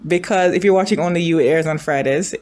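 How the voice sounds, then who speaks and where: A woman's voice: lowish voice, fast talker, darkish tone. Chatty woman reacting to a drama. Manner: chatty, thinking aloud, asks viewers questions; emotional, gushing. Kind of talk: casual reaction commentary.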